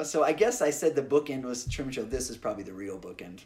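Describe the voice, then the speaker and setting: Lively man telling stories on a podcast. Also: mid-range voice, quick pace, hardly any pauses. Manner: animated storyteller, acts out quoted family voices. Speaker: podcast co-host. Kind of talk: casual chat.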